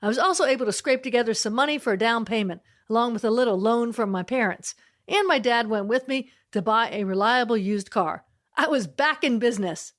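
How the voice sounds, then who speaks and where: Higher-voiced lady comic, middle-aged, chatty storytelling with little laughs. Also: a little fast. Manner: chatty, laughs between lines. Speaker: comedian. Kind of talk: storytelling comedy.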